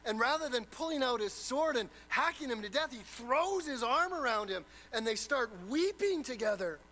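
A man's voice: extremely high pitch, expressive, moderate pace, pushed and bright, slight background noise, poor audio. A man preaching a sermon, retelling a story dramatically and posing rhetorical questions.

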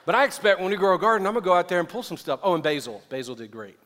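A man from the American South preaching a sermon, swinging from loud, urgent emphasis to hushed asides. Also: high-pitched, sing-song, very fast. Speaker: pastor. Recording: long reverb of a large hall.

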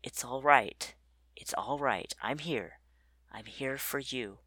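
A narrator voicing a calm, fiercely protective mentor who speaks in soft, hushed reassurance. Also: mid-range voice, measured pace, no echo, close to an everyday voice. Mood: soothing.

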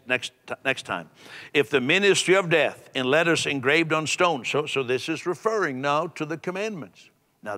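A man pastor preaching a sermon, swinging from loud emphasis to soft, low asides. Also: in a large hall.

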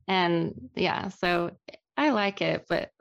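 A woman's voice: on the low side, slow pace, creaky, dull audio, a little hiss or hum. A young woman, an actress being interviewed, talking casually and laughing easily at herself. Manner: animated, self-deprecating, laughs often.

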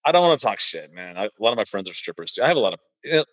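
A man's voice: fairly low pitch, very animated, rapid-fire, a bit bright, no echo, low-quality recording. A man as a podcast guest, rambling through casual stories, full of filler words and swearing. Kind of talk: casual chat.

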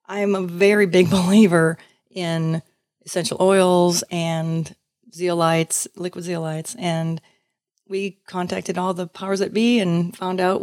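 A woman guest in a casual interview, telling her story in a lively way, acting out other voices and laughing often. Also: fairly low pitch, takes it slowly, dry recording, studio quality.

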